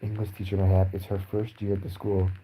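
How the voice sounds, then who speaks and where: A man's voice: deep voice, completely flat delivery, fast talker, mellow, slight background noise, poor audio. A young man ranting in a crude, sarcastic, profane way as a podcast host. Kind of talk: crude comedic rant.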